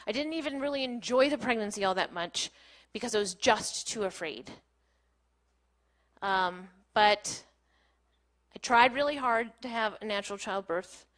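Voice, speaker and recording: A woman's voice: medium pitch, fairly bright tone. A woman in her thirties giving a candid storytelling talk on a small stage, laughing often and saying "like" a lot. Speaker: keynote speaker.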